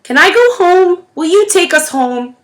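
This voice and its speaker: A woman's voice: very high voice, expressive, a little slow, voice pushed up. A woman reading a story aloud, voicing a small homesick boy who pleads and wails. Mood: pleading. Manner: wailing, pleading.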